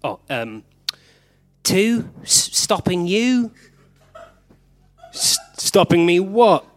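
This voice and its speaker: An actor playing a flustered male time traveller who keeps meeting copies of himself, bickering in quick, confused back-and-forth in a live comedy stage play. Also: high-pitched, a bit bright. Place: theatre stage, recorded live.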